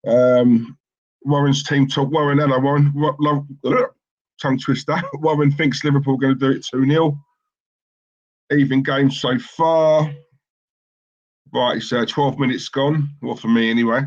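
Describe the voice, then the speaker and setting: The audio is lo-fi as this mid-range-voiced man co-hosts a live football watchalong, chatting loosely and reading viewer comments aloud. His talk wanders and is opinionated, thick with fillers and restarts.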